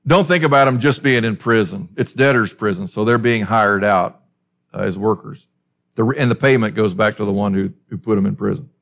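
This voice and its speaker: A man's voice: fairly low pitch, brisk, gravelly. A man preaching a sermon as a pastor, emphatic and full of rhetorical questions.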